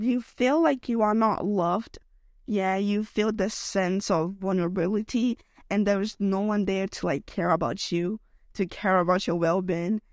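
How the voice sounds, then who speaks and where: This solo podcast finds its young female host ranting while ill, her mid-range voice affected by the sickness. The recording is dry and studio quality, and she rambles emotionally, peppering her talk with "like" and "okay?".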